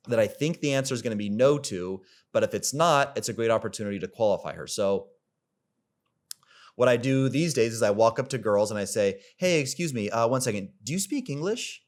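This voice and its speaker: A man coaching on dating in a rambling, casual way, full of fillers and the odd swear word. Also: fairly low pitch. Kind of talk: casual coaching monologue to camera.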